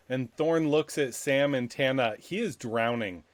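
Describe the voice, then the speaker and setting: A man describing his character's actions in a tabletop game in a measured, deadpan way. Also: mid-range voice. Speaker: player. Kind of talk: narrating a character's actions in tabletop role-play.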